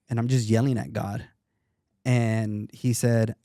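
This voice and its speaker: Earnest man with a mellow voice. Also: mid-range voice, flat delivery, measured pace, no echo, studio quality. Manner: earnest, reflective, many restarts. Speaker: podcast guest. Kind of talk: casual interview talk.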